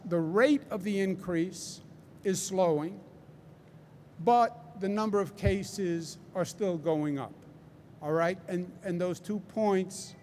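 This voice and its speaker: A man's voice: high-pitched, darkish tone, a little hiss or hum. A man with a Queens New York accent giving a public press briefing, emphatic and repeating key phrases for stress. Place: large indoor hall.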